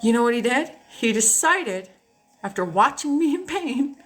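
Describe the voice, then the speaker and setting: A woman's voice: fairly high pitch, normal speed, breathy edge. Candid woman chatting over faint music. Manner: animated, candid, swears freely. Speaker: host. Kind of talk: casual storytelling chat to a live audience.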